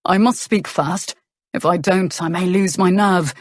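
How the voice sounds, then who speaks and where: A woman narrator voicing a charming, rueful young nobleman in a calm, earnest manner. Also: lowish voice, measured pace, dry recording, clean studio sound.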